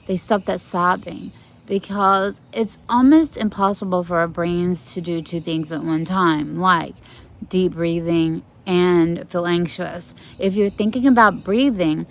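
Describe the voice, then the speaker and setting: A middle-aged woman therapist giving calm instructions, gently demonstrating slow breathing, recorded outdoors in the sun with birds singing in the background. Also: fairly low pitch, gravelly.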